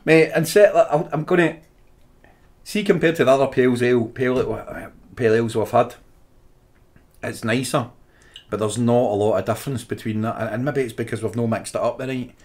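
A man's voice: medium pitch, fairly even intonation, moderate pace, a little mellow. A Scottish man co-hosting a podcast, chatting casually, laughing readily and trailing off mid-sentence. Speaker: podcast co-host. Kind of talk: casual chat.

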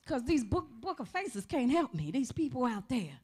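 A woman preaching a sermon in a church, calling out to the congregation for responses with shouts of praise. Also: high-pitched, sing-song, normal speed, hardly any pauses, breathy edge. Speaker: pastor. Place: church sanctuary.

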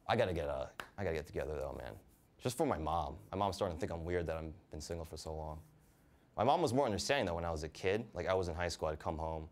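A young man from New Jersey doing a stand-up comedy set, deadpan, mimicking his family's voices. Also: deep voice, fast. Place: comedy club stage. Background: audience laughter.

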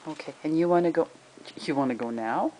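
A woman's voice: deep voice, a little fast, warm tone, slight background noise, rough recording. A woman at home, talking to her pet in cooing, coaxing baby talk. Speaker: pet owner. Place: home indoors.

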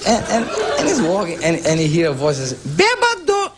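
A man's voice: fairly high pitch, expressive, moderate pace, very noisy. A man from Brazil, telling a joke on a talk show, laughing through it. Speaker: comedian. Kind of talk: stand-up storytelling on a talk show.

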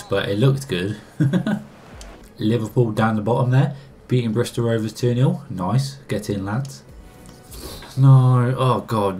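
Excitable man commenting on a game. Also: fairly low pitch. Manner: excitable, mock-arguing with the game, frequent laughs. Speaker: gaming YouTuber. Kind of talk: casual gameplay commentary.

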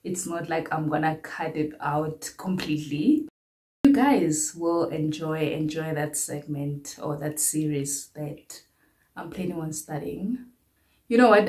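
A young woman with a South African accent talks straight to her viewers in a candid, rambling way. She circles back and repeats phrases as she goes. Her voice sits a little low. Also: a little mellow. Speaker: vlogger. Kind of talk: casual update to viewers.

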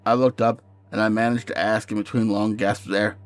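A man narrating a first-person horror story in a steady storytelling voice over faint music. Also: on the low side, moderate pace, few pauses, no room sound.

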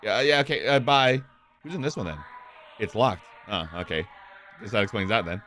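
A man streaming a video game, reading the on-screen text aloud and reacting with excitable, profane commentary. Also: on the low side, moderate pace, faint music behind. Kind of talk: casual gameplay commentary.

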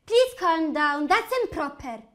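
A woman with an Egyptian accent playing a young woman who calms two quarreling friends. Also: sits high, a little slow. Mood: soothing. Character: calm young woman peacemaker. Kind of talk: amateur English-lesson drama.

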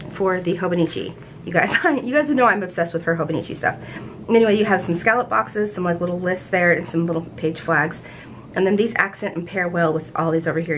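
A woman's voice: on the low side, a bit bright, slight background noise. Gushing woman showing planner stickers. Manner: enthusiastic, rambling with frequent restarts. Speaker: planner channel host. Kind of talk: casual show-and-tell haul.

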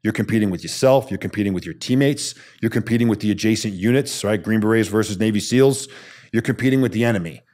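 Blunt, low-voiced man telling war stories. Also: fast talker, a little mellow. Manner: blunt, emphatic, swears casually. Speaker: guest, former special forces soldier. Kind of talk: storytelling in a podcast interview.

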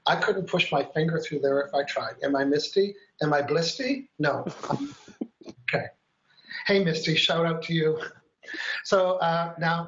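Man, live-stream host, fairly high voice, chatty, upbeat, roomy dull lo-fi sound. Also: a bit bright. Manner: chatty, upbeat, explains step by step while counting aloud.

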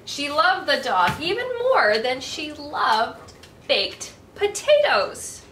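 Woman reading a kids story slow and lively, asks the kids stuff, echoey room, mic kinda far. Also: sits high. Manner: animated, asks listeners questions. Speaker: children's storyteller. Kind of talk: reading a picture book aloud to children. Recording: echoey room, distant mic, faint hiss.

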